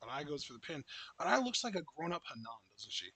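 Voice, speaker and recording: A man's voice: fairly high pitch, big pitch swings, fast, bright, forceful tone, breathy edge, dry recording. A man co-hosting a live wrestling reaction, playful and laughing as he calls the action.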